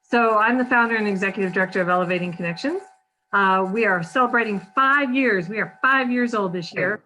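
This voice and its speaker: Bright, upbeat woman giving a charity talk. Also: medium pitch, a little fast, a little hiss or hum, low-quality recording. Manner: upbeat, earnest, filler ums. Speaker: charity founder and guest speaker.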